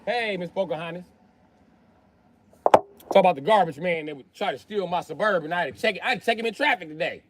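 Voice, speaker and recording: Loud profane high-voiced man ranting. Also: animated, fast, pauses often, noisy background. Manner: loud, profane, heated, bursts into shouting. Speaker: live streamer. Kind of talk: ranting storytime.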